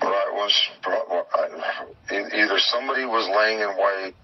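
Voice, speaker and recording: Low-voiced man on a dull distant line. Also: crowd noise. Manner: rambling, plainspoken, halting. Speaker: interviewee, missing girl's father. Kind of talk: recorded phone interview. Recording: dull, distant phone-like recording with faint noise.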